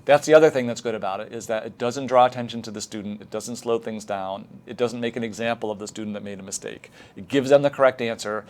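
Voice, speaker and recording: A middle-aged man giving a recorded training lecture for teachers, talking in a relaxed, explanatory way with frequent fillers. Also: medium pitch, fast talker, hardly any pauses.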